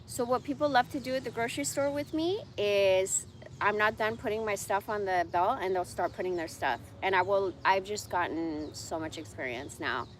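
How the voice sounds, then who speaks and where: A woman's voice: mid-range voice, normal speed, slight background noise. A woman in her forties ranting bluntly and profanely in a casual livestream monologue. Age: 40s.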